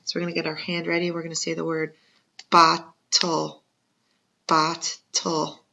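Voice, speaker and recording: A woman's voice: on the low side, monotone, racing, vocal fry, a bit bright. A woman teacher giving a patient second-grade spelling lesson, sounding out syllables and encouraging young learners. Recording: muffled lo-fi recording.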